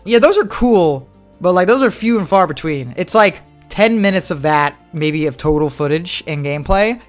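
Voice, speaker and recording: A young man co-hosting a podcast, chatting casually and animatedly, slipping into quick voiced impressions. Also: high voice, lively intonation, faint music behind. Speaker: podcast co-host. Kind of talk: casual chat.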